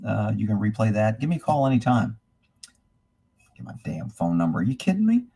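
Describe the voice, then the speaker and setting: A man's voice: lowish voice, big pitch swings, a little fast, warm tone, slightly rough. A man hosting a live stream about horses, ranting bluntly and swearing freely, then reading viewer comments aloud. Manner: reads viewer comments aloud between rants. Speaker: livestream host answering horse questions. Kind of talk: casual live-stream rant.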